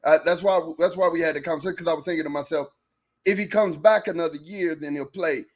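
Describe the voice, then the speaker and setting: Animated sports podcast host, man. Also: a little high, fast talker, a little hiss or hum. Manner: animated, talks over partner, repeats phrases. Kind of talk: casual sports chat.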